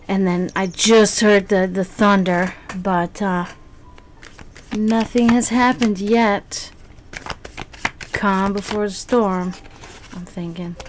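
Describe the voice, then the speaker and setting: A woman's voice: mid-range voice, slight background noise. A woman streamer chatting casually with her viewers, rambling with many fillers and restarts.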